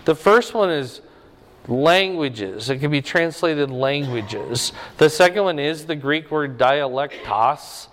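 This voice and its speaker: A middle-aged pastor with a fairly high, slightly bright voice teaches a Bible lesson to a congregation. His preaching is conversational, and he asks his listeners questions. A long hall reverb surrounds the recording.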